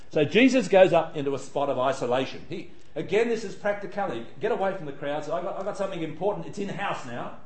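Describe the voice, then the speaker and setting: A man giving a chatty, digressive Bible study talk with frequent restarts. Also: medium pitch.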